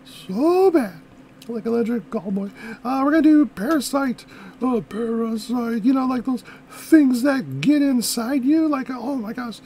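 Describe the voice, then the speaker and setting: A music video reactor in casual commentary, rambling and excitable and talking straight to viewers, whose voice sounds a little off after a recent illness. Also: mid-range voice, unhurried, rough recording. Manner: frequent self-corrections and asides.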